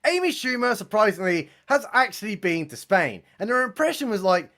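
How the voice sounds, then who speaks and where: A young man giving sarcastic, mocking commentary as he reviews a comedy special, with deadpan asides and casual swearing. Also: sits high, fairly quick.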